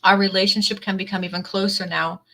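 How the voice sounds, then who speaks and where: A woman's voice: mid-range voice, level tone, fast talker, pushed and bright, poor audio. A woman giving an earnest, emotional tarot reading to camera, reading card messages aloud and filling her talk with "definitely" and "like". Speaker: tarot reader.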